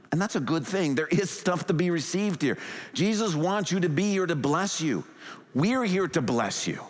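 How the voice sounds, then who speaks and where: A male pastor preaching a sermon with animated delivery, acting out quoted thoughts in a rising and falling voice. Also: on the high side, normal speed, long reverb tail. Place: church sanctuary.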